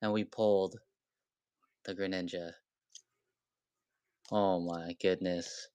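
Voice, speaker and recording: Crisp-voiced young man opening card packs live. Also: low voice, slow, no echo. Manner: excitable, swears when thrilled, talks to chat. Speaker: live-stream card breaker. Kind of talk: casual live-stream chat.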